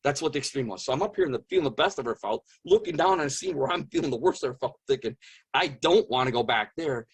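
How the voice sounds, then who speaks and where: A middle-aged man earnestly recounting a personal story in an interview, repeating phrases for emphasis and dropping to a hush at intense moments. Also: mid-range voice, very animated, rapid-fire, gravelly, few pauses, breathy edge. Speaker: guest telling his near-death experience.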